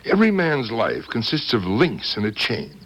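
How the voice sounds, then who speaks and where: A calm, ageless angel. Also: male voice, medium pitch. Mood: serene. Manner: smooth, unhurried, gently amused. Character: ageless male angel, calm and coolly indifferent.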